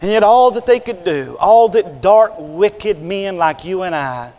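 A fiery male preacher with a fairly high voice, booming out scripture in one breath and dropping to a near-hush in the next. His words ring out with a long reverb, as if carried through a church sanctuary. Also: animated, a little slow. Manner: swings between loud impassioned preaching and hushed, intimate delivery; reads scripture in King James wording with fervor. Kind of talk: revival sermon.

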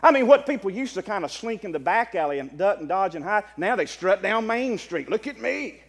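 A Baptist preacher, a man, giving a sermon. He moves from quiet asides to loud exclaiming and often repeats words. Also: high-pitched, expressive, a little fast, big-room sound.

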